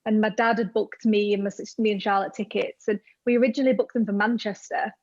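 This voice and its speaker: A young woman tells stories eagerly in a casual podcast chat. Her voice is mid-pitched and comes across a little dull and lo-fi, with a dry sound close to the mic. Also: steady tone, fast, darkish tone, no room sound. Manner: enthusiastic storytelling. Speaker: podcast guest.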